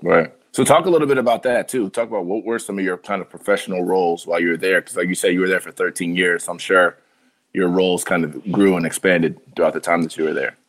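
A male podcast host asking loose, relaxed questions with lots of fillers in a casual interview. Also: deep voice, fast.

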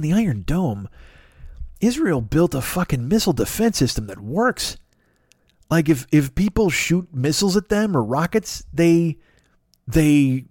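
A man's voice: on the high side, darkish tone, dry recording, clean studio sound. A man hosting a podcast, talking in a rambling, profane, self-mocking comic monologue. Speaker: podcast host.

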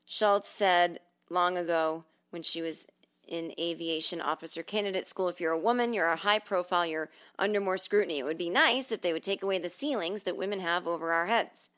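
A woman's voice: on the low side, brisk. A middle-aged woman hosting a solo comedy podcast from home, reading stories and listener emails with sarcastic, profane asides. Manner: profane, sarcastic, animated storytelling.

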